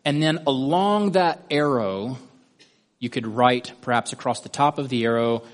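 A man's voice: medium pitch, normal speed. A man teaching a Bible study lesson, methodically guiding listeners step by step through a drawing.

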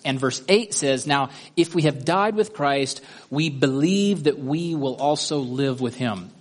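Methodical male Bible teacher. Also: medium pitch. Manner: methodical, guiding listeners step by step through a drawing. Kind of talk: Bible study lesson.

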